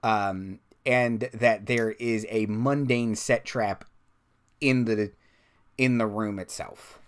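A man's voice: lowish voice, slow pace, smooth. A man serving as game master, describing a scene and checking rules in a casual way. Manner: relaxed, descriptive, looks up rules aloud. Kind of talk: running a tabletop game.

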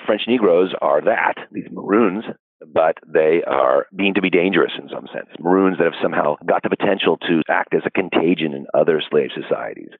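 A man with a very deep, gravelly, husky voice answers interview questions in a thoughtful, explanatory way, pausing with fillers. His voice comes over a thin, phone-like line with no room echo. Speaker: historian guest. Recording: dry, phone-like audio.

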